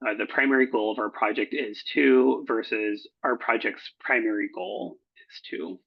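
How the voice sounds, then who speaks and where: Guy editor walking through slides, gravelly husky voice, lots of uhs, kinda dull lo-fi sound. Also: lowish voice, fairly even intonation. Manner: halting, frequent fillers and self-corrections. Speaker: proposal editor. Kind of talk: recorded workshop lecture. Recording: dull lo-fi recording.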